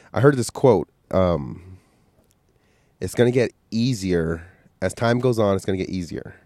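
A man with a lowish voice, fighting a cold with a stuffy nose and coughs, rambles bluntly and swears freely as he hosts a solo podcast. The sound is dry and close, with no room around it. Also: darkish tone, no room sound. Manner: profane, blunt motivational rambling. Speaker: podcast host. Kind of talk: casual solo podcast monologue.

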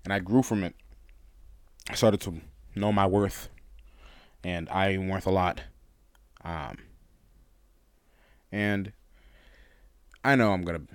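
Deep-voiced young man telling a story. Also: steady tone, dry recording. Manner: candid, laughs often, halting restarts. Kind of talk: casual storytelling monologue.

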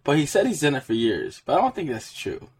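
A man's voice: on the high side, wildly swooping pitch, a little fast, breathy edge. Laid-back podcast host, a man laughing easily. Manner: loose and chatty, laughs often, many "like" fillers. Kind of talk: casual chat.

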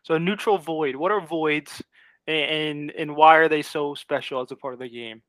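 A man with a slightly raised pitch hosts a casual interview. He asks his questions in an easygoing way and laughs along with his guest. The sound is dry and close. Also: normal speed, a bit bright, no echo. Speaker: podcast host.

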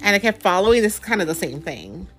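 A woman reads a picture book aloud at home to a child, her voice rising and falling with lively movement. She stops often to chat and ask questions. Faint music plays in the background. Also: medium pitch, fast. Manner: chatty, asks the child questions. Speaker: parent reading to a child.

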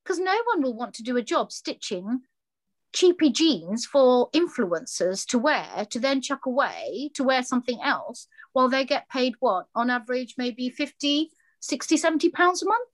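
A woman's voice: sits high, sing-song, moderate pace. A woman, speaking as a guest founder about her fashion brand, emphatic and impassioned, often acting out conversations. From London. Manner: impassioned, emphatic, acts out dialogue in quotes. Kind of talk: passionate interview talk.

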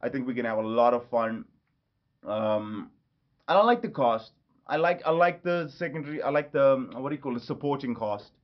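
A man's voice: mid-range voice, lively intonation, a little fast. A man giving an enthusiastic, rambling casual vlog review, often correcting himself. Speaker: movie reviewer. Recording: slightly dull lo-fi audio.

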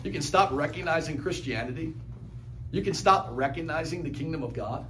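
A pastor preaching a sermon in a conversational way, with quick asides and chuckles. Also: male voice, on the high side, expressive, sharp tone, slight background noise.

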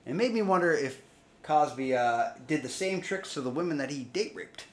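A young man co-hosting a podcast, loud and crude in casual banter, in an echoey room. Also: a little high, lively intonation, normal speed. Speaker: podcast co-host.

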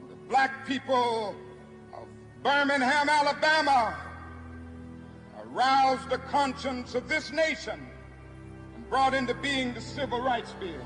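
A man preaching to a live crowd, speaking in rhythmic repeated refrains that build to ringing shouts. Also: extremely high pitch. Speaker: preacher and civil rights speaker. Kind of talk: impassioned oratory to a live crowd. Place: large hall before an audience. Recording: archival speech with long hall reverb and music behind.

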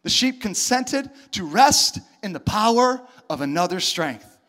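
A man preaching a sermon, animated, acting out little dialogues and rising to shouts. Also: sits high, a little slow. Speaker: pastor.

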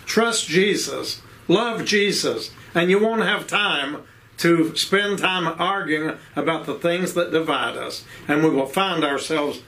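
A man with an Appalachian accent preaching a sermon, with rhythmic repeated phrases and rhetorical questions, slowing down to stress key words. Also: fairly high pitch, bright, forceful tone, a little hiss or hum, low-quality recording.

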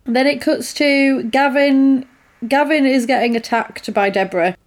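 A woman's voice: sits high, moderate pace. A woman recapping a horror film in casual chat, acting out characters' lines as she goes. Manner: animated retelling with quoted voices.

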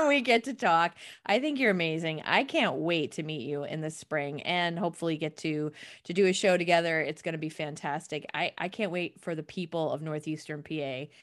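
A woman's voice: low-pitched, normal speed. A woman hosting a podcast, gushing and laughing often as she wraps up the chat. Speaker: podcast host. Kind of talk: casual chat.

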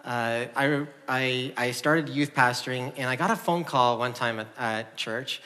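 A man's voice: mid-range voice, measured pace, pushed and bright. A middle-aged man preaching a sermon in a church, conversational and earnest, often restarting his sentences. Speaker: pastor. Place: church sanctuary. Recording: long hall reverb.

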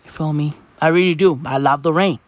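A woman's voice: deep voice, a little fast, no room sound. Swearing South African woman in her twenties. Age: 20s. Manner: swearing, exasperated, repeats questions. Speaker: vlogger. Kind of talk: profane ranting monologue.

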